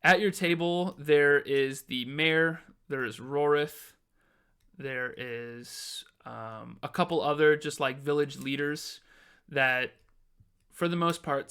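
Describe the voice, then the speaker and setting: A man narrating a tabletop game as game master, animated and laughing often. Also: medium pitch, takes it slowly, clear, resonant tone.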